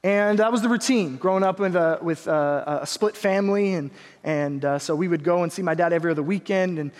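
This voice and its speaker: High-voiced young preacher in a reverberant hall. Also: male voice. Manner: earnest, animated storytelling with quick asides. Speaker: pastor. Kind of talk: sermon with personal story.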